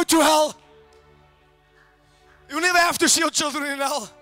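A man preaching a fiery sermon, swinging from hushed to shouting, his voice breaking with emotion at times. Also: very high voice, steady tone, normal speed, pauses often, dry recording, soft background music.

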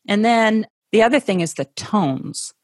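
A woman's voice: mid-range voice, expressive, unhurried, no room sound, clean studio sound. A middle-aged woman from Ohio, a guest in an interview, telling her story in a thoughtful, conversational way with some restarts and laughs. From Ohio, USA.

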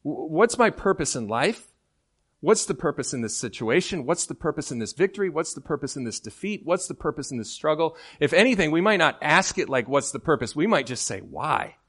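A middle-aged man from Michigan with an American accent, preaching a sermon in an animated, jokey way that swings from soft asides to loud outbursts. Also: a little high, a little fast. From Michigan, United States. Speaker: guest preacher.

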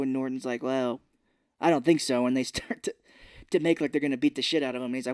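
A man co-hosting a podcast, retelling a film scene by scene in casual chat and slipping into quick voices for the characters. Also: mid-range voice, fairly even intonation, a little mellow, smooth, dry recording, studio quality. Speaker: podcast co-host. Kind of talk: casual movie recap chat. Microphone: podcast microphone.

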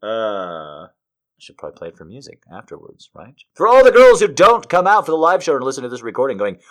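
A man's voice: medium pitch, huge pitch swings, quick pace, a bit bright. A man hosting a podcast, reading poetry and then chatting casually, often rambling off track with swearing asides. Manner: rambling, easily sidetracked. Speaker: podcast host.

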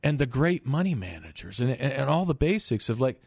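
A middle-aged man hosts a finance radio show from the studio. His voice is a medium pitch but swings widely as he gets emphatic, tossing out rhetorical questions and tripping over repeated words. The sound is close and dry. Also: sing-song, a little fast, gravelly, few pauses, a little mellow, breathy edge, no echo. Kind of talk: call-in radio talk monologue.

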